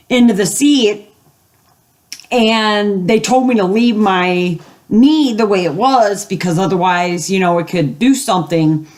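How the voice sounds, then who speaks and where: An older woman telling a long story casually at home, rambling with fillers and acting out the voices of the people she quotes. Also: mid-range voice. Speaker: gaming video host.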